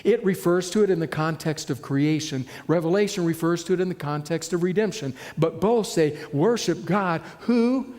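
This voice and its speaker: A man preaching a sermon, moving from loud declaration to hushed emphasis. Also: on the high side, fairly quick, hardly any pauses, in a large hall. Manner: dramatic shifts between loud and hushed delivery.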